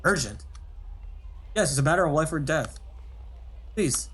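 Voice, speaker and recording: A man voicing a desperate stranger begging for a cab, pitched up and loud, urgent and pleading. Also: expressive, fast talker, slightly rough.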